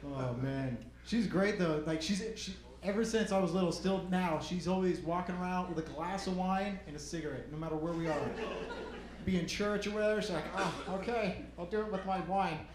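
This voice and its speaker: A man's voice: sits high, fairly quick. A male stand-up comedian on stage, telling stories and acting out the scenes. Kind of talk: stand-up routine. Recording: roomy club recording, loud noise.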